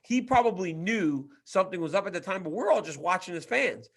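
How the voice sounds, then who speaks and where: Animated high-voiced man telling stories. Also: brisk. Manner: animated storyteller, acts out quotes, repeats words. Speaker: co-host, former fighter. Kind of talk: casual chat.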